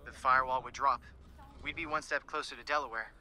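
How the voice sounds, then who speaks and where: Calm, methodical hacker man. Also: medium pitch. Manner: measured, technical.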